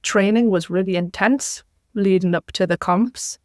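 A young woman talks casually as a podcast guest. She tells her stories in a chatty way and slips into the voices of people she quotes. Her voice sits in a middle pitch, recorded close and dry. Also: a little slow, no echo. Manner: chatty storyteller, acts out quoted exchanges.

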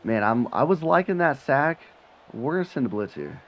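A man giving live commentary on his own football video game, muttering one moment and shouting and swearing the next. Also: moderate pace, dull audio. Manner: swings from low mutter to excited yelling, swears when frustrated. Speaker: gaming channel host.

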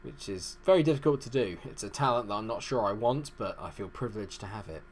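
A man's voice: on the low side, expressive, fast talker, a little hiss or hum. A man hosting a gaming channel, giving rambling, self-deprecating let's-play commentary.

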